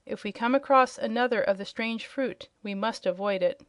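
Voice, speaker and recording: A woman's voice: fairly high pitch, moderate pace, no echo, close to an everyday voice. A woman voicing a kindly, puzzled old male wizard in a children's storybook reading. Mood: polite.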